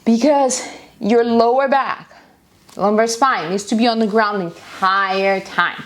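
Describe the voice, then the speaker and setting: A woman leads a live home workout class, energetically calling out exercises, cues and countdowns, sometimes out of breath. Her voice is fairly high and unhurried, and her home sits near a busy street.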